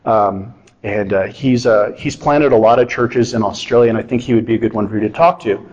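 A middle-aged man preaching a sermon in a conversational, animated way with touches of self-deprecating humor. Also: fairly low pitch, a little fast, lo-fi sound. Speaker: pastor.

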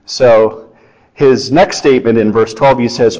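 A man's voice: mid-range voice, unhurried, a little mellow. A middle-aged man preaching a sermon in a conversational, storytelling way, acting out the quotes. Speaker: pastor. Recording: dull lo-fi sound.

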